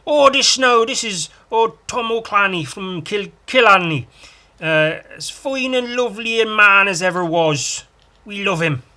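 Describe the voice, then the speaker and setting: A boastful goblin voiced by a man rattles off praise in a sing-song, exaggerated lilt. The voice sits high and bright with lively swings of pitch. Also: unhurried, heavily acted.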